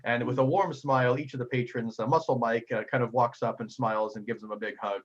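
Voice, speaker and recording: Lively man narrating as game master. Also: mid-range voice, fast talker, dull audio. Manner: lively storyteller, often stumbles and repeats words.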